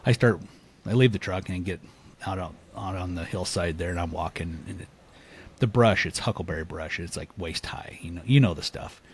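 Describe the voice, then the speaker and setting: A man, a podcast guest, telling a story in a casual, animated way, laughing often and acting out what people said. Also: deep voice, moderate pace, a little hiss or hum. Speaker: podcast guest, elk hunter.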